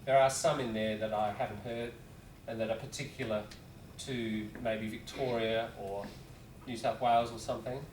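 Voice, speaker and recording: A man's voice: mid-range voice, fairly even intonation, normal speed, a little hiss or hum. A man teaching a class in a casual, rambling lecture with asides to students. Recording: roomy classroom, voice from a distance.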